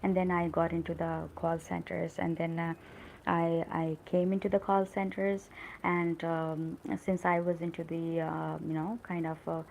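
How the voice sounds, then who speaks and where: Her delivery is flat and measured, her lowish voice gravelly with a darkish tone, and the poor recording carries slight background noise. She's a woman with an Indian English accent hosting a live English lesson in a casual live-stream, chatty and encouraging, with many fillers.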